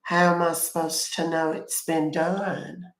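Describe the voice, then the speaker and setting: A man's voice: on the high side, level tone, slow pace, a bit bright, echoey room, voice pushed up. A man voicing a polite, hesitant older woman who rambles as she asks questions on a phone call. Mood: polite, puzzled.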